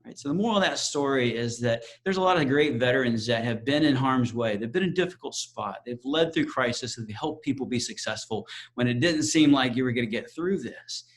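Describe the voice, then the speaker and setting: A man moderating a webinar over a video call, wrapping up with informal, halting remarks full of fillers and restarts. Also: medium pitch, poor audio. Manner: informal, hesitant with fillers and repeated words. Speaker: event moderator.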